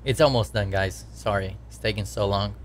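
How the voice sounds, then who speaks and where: A man's voice: fairly low pitch, moderate pace, slight background noise. A man chatting casually while he codes on a live stream, talking to his viewers and laughing at his own troubles. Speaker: game developer streaming his work.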